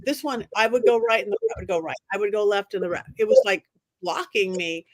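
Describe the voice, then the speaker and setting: A woman guest, a medium, telling her story in an animated way and acting out the voices of the people in it. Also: medium pitch, a little fast, no echo. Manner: expressive, acts out quoted voices.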